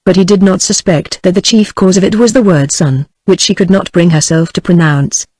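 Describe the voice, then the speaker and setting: A text-to-speech woman's voice with a British English accent, reading a novel aloud in an even, uninflected way. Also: fairly low pitch, normal speed, breathy edge, dry recording, poor audio. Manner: even, uninflected reading of dialogue and narration alike. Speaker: narrator. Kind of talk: text-to-speech audiobook narration.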